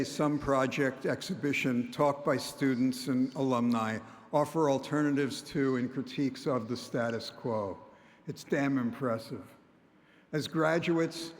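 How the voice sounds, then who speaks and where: An older man giving a prepared commencement speech from a podium, measured and wry, often quoting others. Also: medium pitch. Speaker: commencement speaker. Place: large concert hall. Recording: long reverb of a large hall.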